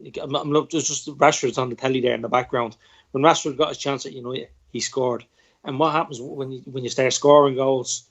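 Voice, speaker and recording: A man's voice: medium pitch, fairly even intonation, brisk. Rambling man with a slightly dull sound. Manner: hesitant, repeats words, says "like" often. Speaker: podcast co-host. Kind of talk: casual football chat.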